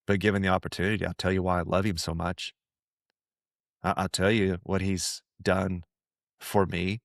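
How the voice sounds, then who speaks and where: A man's voice: low-pitched, flat delivery, moderate pace, dry recording, studio quality. A man hosting a podcast, talking about faith in an earnest, conversational way, often repeating himself and putting on voices to quote people. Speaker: podcast host. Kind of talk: reflective faith talk.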